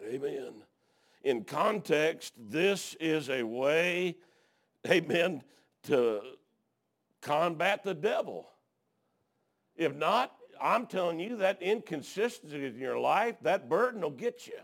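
Preacher guy, raspy gravel voice, pitch all over the place, lots of amens, quiet then hollering. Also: lively intonation, takes it slowly. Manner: folksy storytelling with frequent amens, swinging from hushed to shouting. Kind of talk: sermon.

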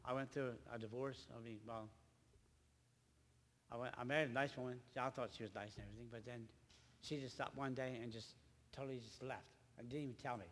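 An older man, a grandfather, preaching a rambling church testimony with halting, repeated words. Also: medium pitch, fairly even intonation, fairly bright tone, in a large hall. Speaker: lay preacher.

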